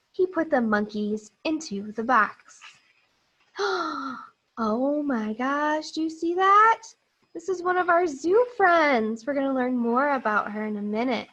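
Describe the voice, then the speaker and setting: A woman teacher reading a picture book to young children in a high, gentle voice. She speaks slowly and exaggerates each sound. She encourages the children to repeat after her. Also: dull audio. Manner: slow, exaggerated and encouraging, with sounds modeled clearly. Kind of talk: read-aloud phonics lesson for young children.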